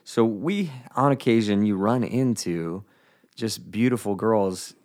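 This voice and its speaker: Lively, low-voiced comic storyteller man. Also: unhurried. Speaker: comedian guest.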